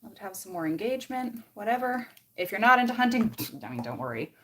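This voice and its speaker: A woman's voice: medium pitch, very animated, quick pace, a bit bright. A young woman with a Canadian accent chatting casually on a livestream while curling her hair, reading out comments and rambling between steps. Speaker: beauty vlogger.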